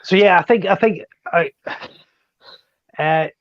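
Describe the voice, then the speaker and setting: A man's voice: sits high, slow pace, no room sound, muffled recording. Joking Scottish man hosting a chat. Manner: joking, teasing banter. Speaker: host. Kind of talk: casual chat.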